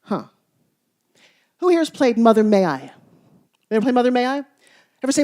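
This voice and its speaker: A woman giving a motivational speech to a live audience, telling stories with playful teasing and swinging between loud bursts and hushed asides. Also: a little high, big pitch swings, normal speed, pauses often. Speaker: motivational speaker.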